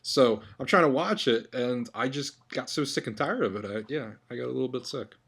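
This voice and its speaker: A man's voice: mid-range voice, brisk, gravelly, fairly bright tone, slightly rough. A man co-hosting a movie podcast in casual chat, blunt and swearing often. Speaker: podcast co-host.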